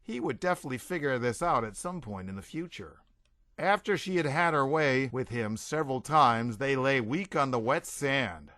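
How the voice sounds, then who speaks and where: A man's voice: medium pitch, lively intonation, moderate pace, pushed and bright, no echo, clean studio sound. A man narrating a comic science-fiction audiobook in a wry storytelling manner. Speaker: audiobook reader.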